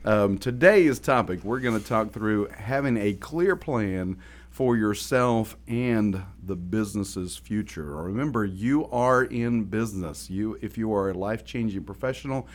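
A man co-hosting a podcast in casual chat, playful, sometimes putting on a deep radio announcer voice. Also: measured pace. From Oklahoma. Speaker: podcast co-host.

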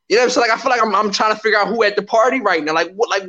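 A man co-hosting a podcast in casual chat, animated and playful, acting out little quotes as he talks. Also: high-pitched, very fast, few pauses, lo-fi sound. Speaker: podcast co-host.

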